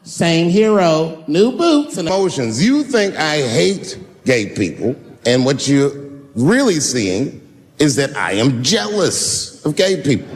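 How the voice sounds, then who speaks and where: A middle-aged man performing a stand-up comedy set on stage, animated, jumping into loud high shouts and low put-on voices. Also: measured pace, in a large hall. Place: stage before a live audience.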